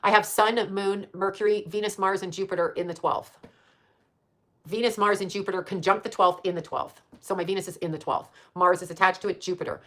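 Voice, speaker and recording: A woman's voice: mid-range voice, steady tone, brisk. A woman around sixty chatting casually on a livestream, rambling and blunt, swearing freely and laughing often as she answers her chat.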